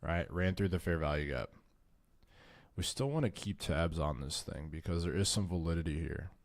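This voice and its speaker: A low-voiced man hosts a casual trading stream at a moderate pace, cursing freely and stumbling over his words as he goes through charts. He's tired and needs more caffeine, and the audio has no echo.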